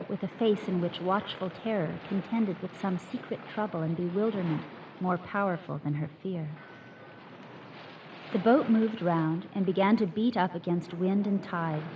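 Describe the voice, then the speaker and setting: Woman reading a story aloud, steady hiss. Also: lowish voice. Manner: measured, dramatic reading. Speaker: narrator. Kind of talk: scripted story narration. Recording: steady background noise.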